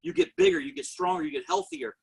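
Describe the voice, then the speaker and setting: Man, motivational pitch, gravelly, lively swooping delivery, addresses audience directly. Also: fast, rough recording. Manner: energetic storytelling, talks straight to the audience. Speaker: network marketing presenter. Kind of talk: motivational sales testimony.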